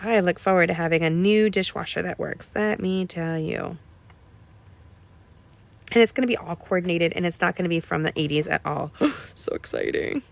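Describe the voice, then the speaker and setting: A woman's voice: fairly low pitch, moderate pace, vocal fry. A middle-aged woman hosting a live card-making tutorial, chatting folksily with viewers as she works. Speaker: card-making livestream host. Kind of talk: casual crafting tutorial.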